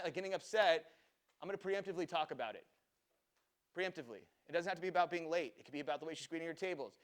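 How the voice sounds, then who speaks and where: A man leading a restaurant training seminar, talking energetically, acting out little dialogues and often checking in with "right?". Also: fairly high pitch. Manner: animated, acts out dialogue, many "right?" tag questions. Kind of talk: energetic seminar talk to an audience.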